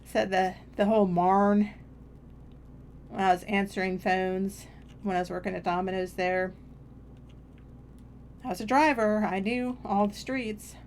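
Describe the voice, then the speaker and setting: A woman's voice: medium pitch, fairly even intonation, unhurried, long pauses, a little hiss or hum. A woman streaming a game, chatting casually in a meandering, self-deprecating way. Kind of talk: casual rambling chat while gaming.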